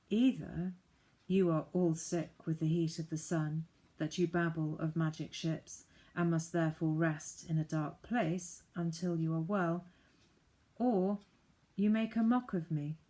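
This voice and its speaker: A woman reading the part of a smooth, menacing prince who stays courteous while he threatens. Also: fairly low pitch. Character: smooth menacing adult male prince, falsely polite.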